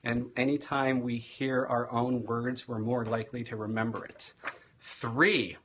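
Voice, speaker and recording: A man who is a teacher and speaking coach, giving an energetic live-streamed teaching talk and varying his loudness and pace for emphasis. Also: mid-range voice, moderate pace, a little hiss or hum.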